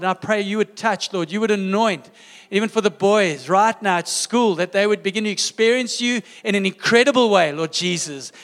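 Male pastor, fervent repetitive prayer, high voice, echoing church hall. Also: clear, resonant tone. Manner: fervent, repetitive, winding down softly. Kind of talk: spoken prayer. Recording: hall reverb.

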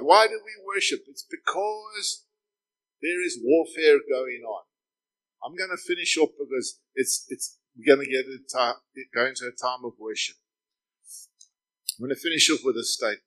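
Bright-voiced man preaching a sermon. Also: mid-range voice, moderate pace, low-quality recording. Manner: storytelling, building to loud emphatic proclamations. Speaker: pastor. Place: church service.

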